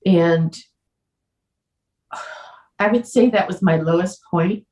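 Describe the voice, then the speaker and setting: A woman podcast guest candidly telling a personal story, earnest and emotional, sometimes halting. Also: lowish voice, a little mellow, far from the mic. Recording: roomy echo.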